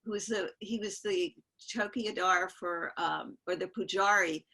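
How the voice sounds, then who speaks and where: An older woman with a bright, forceful tone and a husky edge, telling a long story on a video call. She wanders, restarts her sentences and chuckles between the lines. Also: fairly low pitch, fairly even intonation, a little slow, rough recording. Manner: rambling, self-interrupting, laughs while telling. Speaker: guest storyteller. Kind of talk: casual spoken storytelling.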